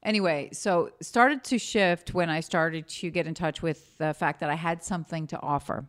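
A woman's voice: low voice, normal speed. A woman guest in a casual interview, telling rambling personal stories, breaking off mid-sentence and laughing often.

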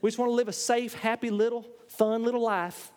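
High-pitched preacher man in a reverberant hall. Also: little pitch movement, brisk, a little mellow. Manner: emphatic, rising to impassioned declarations with jokes. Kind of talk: sermon.

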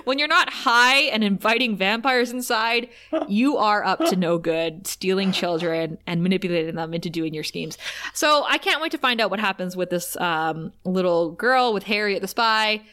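A woman co-hosting a casual show recap, lively and quick to laugh, acting out scenes as she retells them. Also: medium pitch, clear, resonant tone. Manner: animated, laughs often, acts out scenes. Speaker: podcast co-host.

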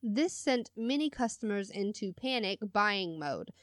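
Woman, American accent, giggly, slow-spoken, dry close sound. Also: medium pitch, animated, dry recording. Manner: giggly, chimes in. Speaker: podcast co-host. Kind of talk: casual chat, reading a story aloud.

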